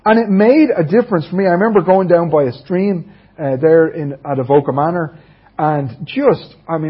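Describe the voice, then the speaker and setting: A middle-aged Irish man delivers a sermon in church, sharing his own testimony in an earnest, confiding way. His voice is very husky and breathy and sits fairly high for a man. The recording is dull and lo-fi. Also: moderate pace. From Ireland. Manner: earnest, confiding, often checks in with listeners. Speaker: preacher.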